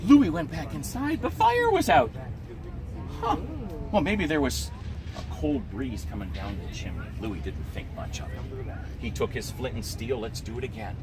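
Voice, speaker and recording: A man telling an interactive folk tale to an audience at an outdoor event, animated and drawing listeners in. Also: mid-range voice, moderate pace. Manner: animated, teaching the audience gestures and sounds. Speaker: historical reenactor storyteller. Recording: outdoor street and traffic noise.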